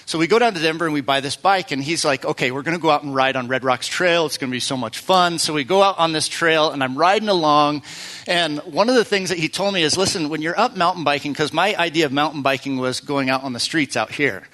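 A man's voice: a little high, quick pace, sharp tone. A man preaching as pastor, telling stories in a loose, conversational way with fillers and restarts. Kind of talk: sermon.

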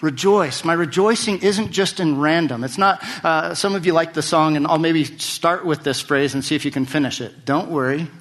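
A man's voice: on the high side, moderate pace, few pauses, a bit bright. A man preaching a sermon to his church, talking conversationally and repeating words as he restarts phrases. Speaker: pastor.

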